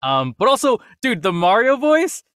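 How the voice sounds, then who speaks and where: A man co-hosting a casual movie news podcast, talking excitedly and emphatically. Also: very high-pitched, normal speed, clean tone, no echo, studio quality. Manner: excited, emphatic, calls his co-host dude. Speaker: podcast co-host.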